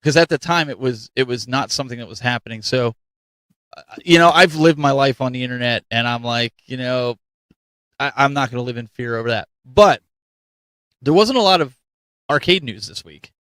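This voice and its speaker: Man from ohio, podcast host, rambling and animated, mid-pitched voice, dry close sound. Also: moderate pace, no echo. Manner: rambling, animated, restarts often. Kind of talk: casual panel chat.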